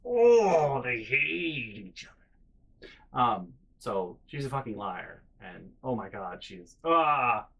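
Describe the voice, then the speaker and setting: A man's voice: mid-range voice, slow, gravelly, husky, lo-fi sound. Exasperated young man ranting about family. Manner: animated, profane, exasperated storytelling. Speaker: vlogger. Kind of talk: casual storytelling vlog.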